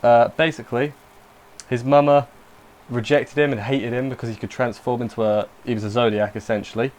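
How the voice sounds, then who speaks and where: A man's voice: mid-range voice, steady tone, a little fast, a little mellow. Rambling man reviewing anime. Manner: rambling, self-interrupting, emotional asides. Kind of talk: casual spoken review.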